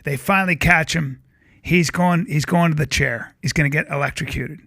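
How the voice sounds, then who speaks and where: A man talking as a podcast guest, telling a film story in an animated way and acting out the characters' lines. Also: a little high, normal speed, creaky, no room sound, clean studio sound. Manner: acts out film scenes with shouted voices.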